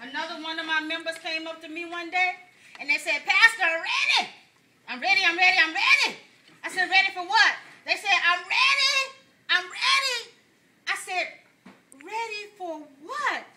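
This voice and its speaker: A man's voice: very high-pitched, steady tone, normal speed, pushed and bright, heavily acted. A man playing a chatty older woman pastor, telling folksy jokes to a congregation and laughing along with them. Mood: amused preaching. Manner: folksy storytelling, laughs at own jokes, addresses congregation as y'all. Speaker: pastor giving a message. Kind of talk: stand-up comedy sermon.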